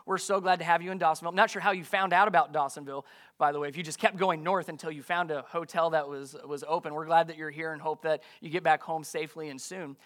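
A man's voice: a little high, fairly even intonation, quick pace, fairly bright tone. A man preaching a sermon in church, reading scripture and posing rhetorical questions to his congregation in a conversational way. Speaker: pastor.

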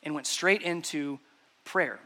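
A man's voice: a little high, takes it slowly, sharp tone. A man preaching a sermon to a congregation in an emphatic, conversational way. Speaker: pastor. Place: church service before a congregation.

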